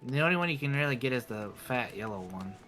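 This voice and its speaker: Male streamer, bright clear tone, offhand, explains the game as he plays. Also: medium pitch, expressive, quick pace, soft background music. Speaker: co-host guiding a new player. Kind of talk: casual gaming stream chat.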